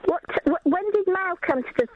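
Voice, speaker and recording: A woman's voice: extremely high pitch, a little fast, a crowd in the background. A woman calling into a late-night radio show, chatty and argumentative. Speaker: caller. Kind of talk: radio phone-in chat. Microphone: phone line. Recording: dull phone-line sound.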